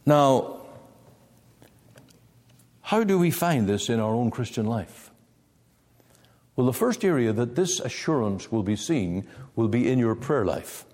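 A man preaching a sermon, emphatic, with wide swings of pitch. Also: very animated, measured pace, pauses often, darkish tone, long reverb tail.

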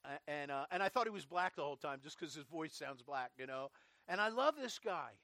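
A middle-aged man delivers an earnest sermon as pastor, his voice sitting a little high. The sound is dry and close, with no room around it. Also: lively intonation, brisk, dry recording. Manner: earnest preaching, drops to quiet prayer.

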